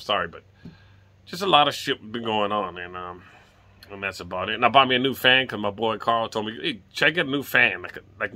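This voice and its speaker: A middle-aged vlogger from Hawaii talks on his porch outdoors in a voice that sits on the low side and has a sharp tone. His lightly lilting chat is casual and meandering, sprinkled with the odd swear word.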